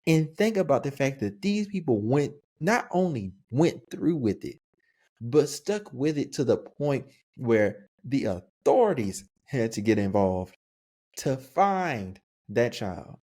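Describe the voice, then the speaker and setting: A young man co-hosts a casual podcast, and his voice swings widely in pitch as he talks. He laughs often and drops loose slang. His delivery is easygoing and animated. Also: takes it slowly. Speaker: podcast co-host.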